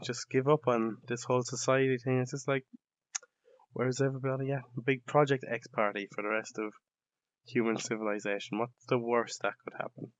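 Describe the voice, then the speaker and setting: A young Irish man rambling through a sweary, sardonic comedic monologue as a podcast host. His mid-pitched voice sits close and dry on a dull, lo-fi recording. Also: clean tone, dry recording. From Ireland.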